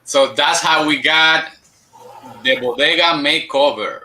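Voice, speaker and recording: A man's voice: a little high, takes it slowly, bright, forceful tone, poor audio. A man hosting an interview show, playful and chatty, easily switching between two languages. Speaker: podcast host. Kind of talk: casual interview chat.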